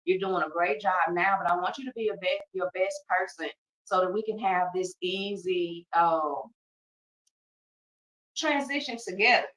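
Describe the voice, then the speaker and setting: A bright, forceful woman of middle age talks to her podcast listeners in a colloquial, emphatic way and breaks in with joking asides. Her voice sits a little back from the mic. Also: lowish voice, moderate pace, far from the mic, low-quality recording. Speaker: podcast host. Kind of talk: casual heartfelt talk.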